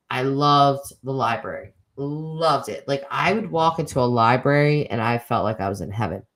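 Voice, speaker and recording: A middle-aged woman hosting a casual livestream chat, reading viewer comments with teasing asides and frequent laughs. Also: sits low. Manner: chatty, teasing, laughs often, quick asides.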